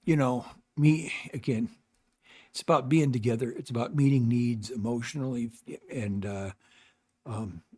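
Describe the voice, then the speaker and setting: An older man from North America hosting his own channel, giving rambling, halting advice in casual talk with many fillers and restarts. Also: medium pitch, steady tone, darkish tone, husky. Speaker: channel host.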